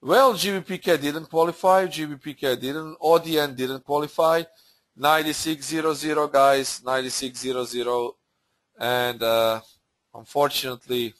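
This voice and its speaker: A man hosting a live trading webinar, talking through charts in halting, unscripted full of fillers and restarts. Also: fairly high pitch, steady tone. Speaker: forex trading webinar host.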